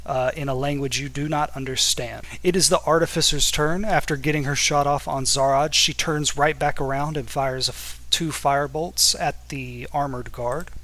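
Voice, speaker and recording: A man's voice: medium pitch, steady tone, normal speed, few pauses, a bit bright. A man narrating a tabletop role-playing game as game master, casual and loose with filler words.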